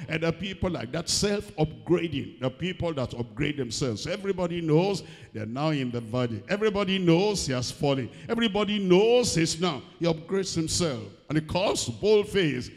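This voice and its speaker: A man's voice: fairly high pitch, lively intonation, moderate pace, few pauses. Male preacher, emphatic and repetitive sermon delivery, long room reverb. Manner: emphatic, repeating key phrases.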